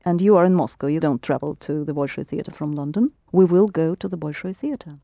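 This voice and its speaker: A woman teaching a lesson, patiently prompting students and correcting them, slowing down to model phrases. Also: low voice, creaky, no echo, highs cut off. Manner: patient, prompting and correcting, slows for Russian words. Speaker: Russian language teacher.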